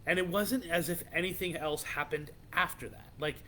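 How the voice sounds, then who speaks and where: A man's voice: a little high, moderate pace, bright, forceful tone, a little hiss or hum. A man hosting a podcast, casually telling a creepy legend in a loose, rambling way with many restarts. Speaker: podcast host.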